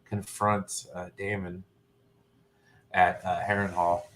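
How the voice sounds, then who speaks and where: Low-voiced man in relaxed chat. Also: takes it slowly. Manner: relaxed, hesitant with fillers. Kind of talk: casual spoiler chat.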